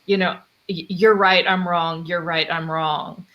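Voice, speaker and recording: A woman's voice: on the low side, steady tone, dull audio. A woman calling in to a talk show as a mother seeking advice, hesitant and trailing off. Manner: hesitant, trails off, quick to laugh. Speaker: caller, mother asking for advice. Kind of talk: casual chat.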